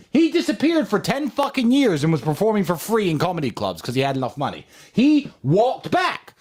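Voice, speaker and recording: Excitable man with wildly swinging pitch. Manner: excitable, profane storytelling with big swings. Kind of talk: casual chat.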